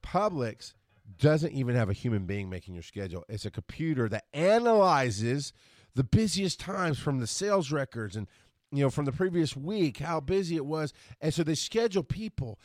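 A man hosting a solo podcast, ranting with frustration and profanity, rushing his words and then reining himself in. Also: on the high side, lively intonation, a little mellow, no echo, clean studio sound. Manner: frustrated, profane, talks fast then slows down. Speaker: podcast host.

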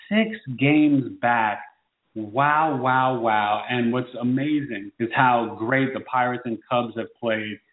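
A man co-hosting a casual sports talk show, animated and teasing as he riffs on the season. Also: mid-range voice. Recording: phone-like tinny echoey sound.

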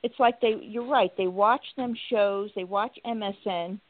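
A woman hosting a political talk show, speaking in a halting way with many restarts and telling stories with acted-out quotes. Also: mid-range voice, dry recording. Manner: animated storytelling, acts out quotes. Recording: tinny phone-like line.

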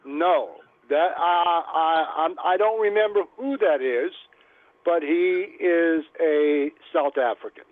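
A man's voice: on the high side, slow, dry recording. A man co-hosting a casual radio show with easygoing short replies. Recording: tinny phone line, dry.

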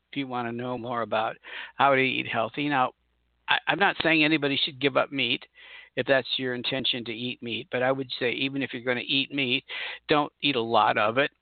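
Gravelly man with tinny phone-like sound. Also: mid-range voice, steady tone, a little fast, dry recording. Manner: rambling, chatty, self-correcting, folksy. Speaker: podcast host and spirit channeler. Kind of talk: casual solo podcast monologue.

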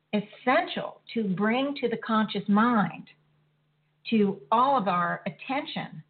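Woman host, earnest spiritual monologue, meandering with self-corrections, middle pitch, phone-quality audio. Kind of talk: spiritual talk show monologue. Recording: tinny phone-like line.

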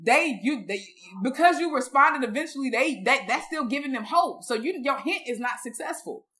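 A woman's voice: sits high, expressive, normal speed, bright, forceful tone. A woman co-hosting a casual talk show, speaking candidly and thoughtfully in loose slang. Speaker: podcast co-host. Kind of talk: casual chat.

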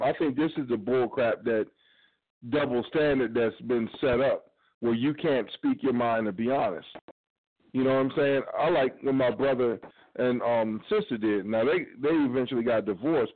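A middle-aged man, co-host of a talk radio show, arguing his opinion emphatically and pushing on through interruptions. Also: medium pitch. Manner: emphatic, argumentative, keeps talking over interruptions. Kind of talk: opinionated casual debate. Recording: tinny phone-line audio.

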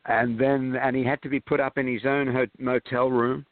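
A man's voice: mid-range voice, level tone, normal speed, dry recording. A man who is a film director, guest on a show, telling rambling, hesitant anecdotes full of ums and chuckles. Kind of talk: anecdotal storytelling in an interview. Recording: tinny phone-line sound.

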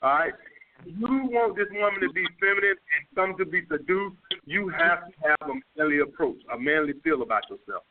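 A blunt, profane dating coach with a New York accent hosts a call-in dating advice show, repeating his points again and again. His fairly high voice has lively intonation and a fairly quick pace, and the sound is thin and tinny, like a phone line.

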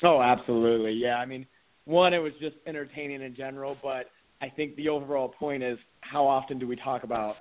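Guest analyst dude rambling a bit, thin phone-line sound. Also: male voice, medium pitch, fairly even intonation, a little fast. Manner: conversational, hedging with fillers. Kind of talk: casual podcast chat.

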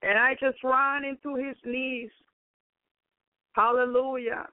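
Woman preacher, fervent testimony, high voice, slow and flat delivery, phone-like dry audio. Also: dry recording. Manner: fervent, peppered with praise exclamations. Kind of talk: spoken testimony sermon. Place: home in Chicago. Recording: dry, phone-like narrow sound.

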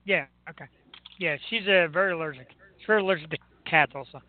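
A man hosting a talk show, chatting and ranting about sports in an excitable, joking way. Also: on the high side, fast. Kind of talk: casual sports rant and chat. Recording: tinny phone-like line with faint noise.

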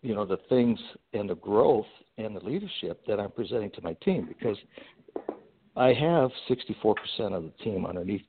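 Animated male storyteller on a phone-like line. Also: on the low side, moderate pace, slight background noise. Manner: animated storyteller with fillers and restarts. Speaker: guest entrepreneur. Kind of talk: storytelling in a podcast interview.

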